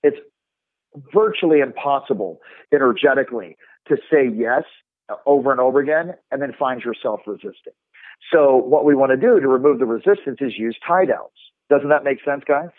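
A man coaching sales technique in an animated, instructive way, demonstrating tones with his own voice, heard over a remote line. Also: mid-range voice, normal speed, no echo. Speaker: sales trainer. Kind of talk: instructive podcast talk. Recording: tinny phone-like line.

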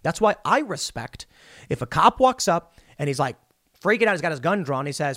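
A political commentator with a high, sing-song, fairly bright voice speaks a little fast in a dry, studio-quality recording. Talking directly to viewers, he offers a blunt personal take in an opinionated monologue, acting out dialogue as he retells events.

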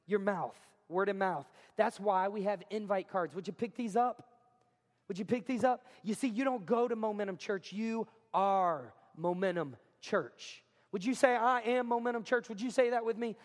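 A man preaching as a pastor, talking in an energetic, emphatic way and repeating lines for effect. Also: high-pitched, moderate pace, long reverb tail. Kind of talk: sermon. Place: school cafeteria or gym used as a church.

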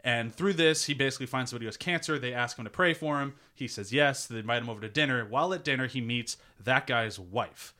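Bright-voiced man pitching a movie casually. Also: fast, hardly any pauses. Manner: laid-back, laughs often, swears, many "like" fillers.

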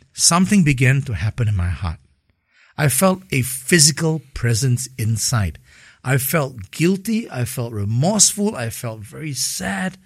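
A middle-aged man shares his emotional testimony in an interview, pausing and halting at times. His voice is husky and breathy at a mid pitch. It is recorded dry and close. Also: no room sound. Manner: emotional storytelling, slow and halting in places. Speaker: guest.

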